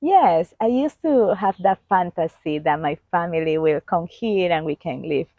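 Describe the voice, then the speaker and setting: A woman from Ecuador telling her story in an interview, speaking haltingly and restarting her phrases. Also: lowish voice, expressive, no echo. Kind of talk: personal interview. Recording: tinny phone-like sound.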